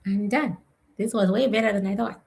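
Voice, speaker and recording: A woman psychic medium from South Africa, giving a live spirit reading in a slow, emotional and repetitive way with a gravelly voice. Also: medium pitch, fairly even intonation, a little mellow.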